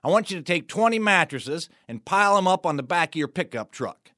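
A man's voice: high voice, expressive, a little fast, pushed and bright, no echo. A man doing a shrewd, dry old mountain mama. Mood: scheming.

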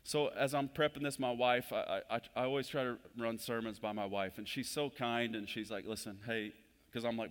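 A man's voice: fairly even intonation, moderate pace, clear, resonant tone. Man preaching in a reverberant hall. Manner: conversational, swells louder and higher when stressing a point. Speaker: pastor. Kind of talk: sermon. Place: church sanctuary.

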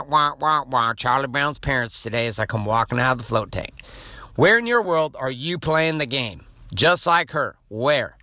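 A man's voice: mid-range voice, bright, forceful tone, dry recording. A male podcast host giving a blunt, profane, emphatic motivational monologue.

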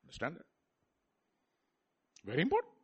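A man with a Telugu accent preaching a sermon, repeating words and building up to loud rhetorical questions. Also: fairly high pitch, huge pitch swings, normal speed, breathy edge, dull audio. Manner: repeats words and restarts phrases.

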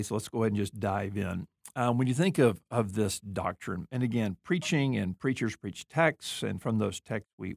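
A man hosts an interview and asks measured, probing questions. His voice has a gravelly edge. The recording is dry, with no room sound. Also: lowish voice, no room sound. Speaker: interview host.

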